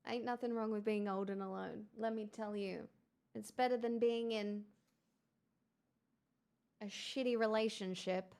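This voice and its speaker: A woman's voice: medium pitch, fairly even intonation, unhurried, long pauses, darkish tone, clean tone. A woman hosting a casual livestream, chatting with viewers, thanking them in an exclamatory, wry way. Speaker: livestream host.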